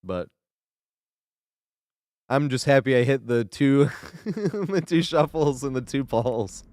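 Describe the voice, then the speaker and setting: A man's voice: medium pitch, expressive, takes it slowly, a little mellow, no echo, clean studio sound. A young man streaming a game live, chatting loosely with frequent laughs and casual swearing. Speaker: gaming streamer.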